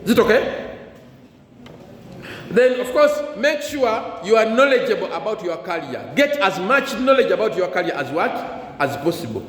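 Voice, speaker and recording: A man's voice: high-pitched, very animated, normal speed, fairly bright tone. A man giving career guidance to students at a school, leaving blanks in his sentences for the class to fill in. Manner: call-and-response, leaves blanks for the class to fill. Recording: echoey hall, faint ambience.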